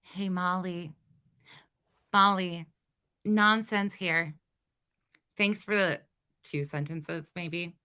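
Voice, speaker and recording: Blunt, foul-mouthed woman with a bright voice. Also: lowish voice, fairly even intonation, drawn-out words, long pauses, clear, resonant tone. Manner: blunt, profane, confrontational. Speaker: commentary channel host. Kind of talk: casual reaction commentary.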